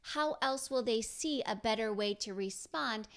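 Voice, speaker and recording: Slow, earnest woman podcast host. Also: fairly high pitch, creaky. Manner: slow, earnest and encouraging, addressing mothers directly. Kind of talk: scripted podcast talk.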